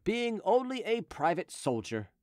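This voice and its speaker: A man's voice: high-pitched, sing-song, measured pace, darkish tone, dry recording, clean studio sound, pitched above the performer's own voice. A man voicing a deferential young sentry. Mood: apologetic. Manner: respectful, apologetic. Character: deferential male private soldier on guard.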